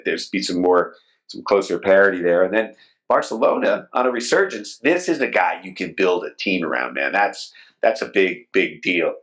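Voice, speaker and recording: A man's voice: low voice, fairly bright tone, poor audio. A man hosting a sports podcast, chatty and jokey, rambling through stories in casual conversation. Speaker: podcast host.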